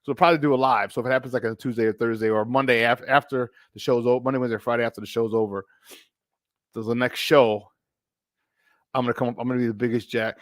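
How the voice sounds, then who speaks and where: A middle-aged man hosting a live sports talk stream, animated and emphatic, repeating his points and greeting viewers by name. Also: medium pitch, quick pace, no room sound, clean studio sound. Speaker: sports talk show host.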